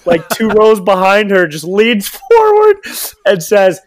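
A man's voice: sits high, huge pitch swings, takes it slowly, dry recording. A young man co-hosting a casual podcast, telling stories animatedly and laughing often. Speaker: podcast co-host. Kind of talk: casual rewatch podcast chat.

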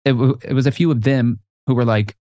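A man co-hosting a podcast in casual chat, telling lively stories and acting out other people's lines. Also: medium pitch, a little fast, dry recording, clean studio sound. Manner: animated storyteller, acts out quotes. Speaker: podcast co-host.

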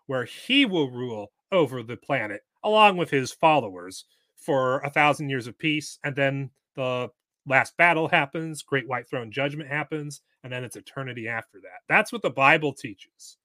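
Man, podcast guest, lecturing, bright voice, dry recording. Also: medium pitch, moderate pace, no echo. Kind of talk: casual interview chat.

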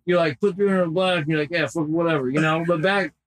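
A man's voice: fairly high pitch, fairly even intonation, quick pace, rough recording. A man hosting a casual podcast, swearing freely and acting out quotes as he tells stories. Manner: profane, laid-back storyteller acting out quotes. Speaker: podcast host and tattoo artist. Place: workshop.

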